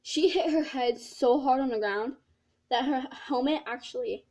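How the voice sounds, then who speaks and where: A woman's voice: high voice, measured pace, darkish tone. A teenage girl telling a casual story-time vlog, rambling and saying "like" a lot. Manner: rambling, filled with "like". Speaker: vlogger.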